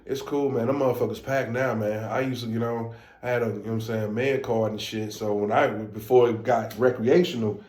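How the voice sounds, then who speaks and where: A man's voice: mid-range voice, steady tone, fairly quick, few pauses, darkish tone, reverberant. A man with a St. Louis accent co-hosting a podcast, talking in a laid-back, slangy way full of fillers. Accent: St. Louis African American Vernacular English. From St. Louis, USA. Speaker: podcast co-host. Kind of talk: casual podcast chat.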